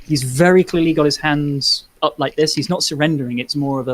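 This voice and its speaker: A man narrating a tabletop game as game master, in a halting, descriptive way. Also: on the high side, a little hiss or hum, rough recording.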